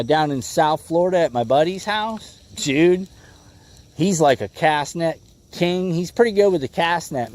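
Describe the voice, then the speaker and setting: A man's voice: on the high side, darkish tone. A man hosting a casual fishing livestream from a boat, laid-back and calling viewers "bro" and "bud.". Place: outdoors on a boat on a lake.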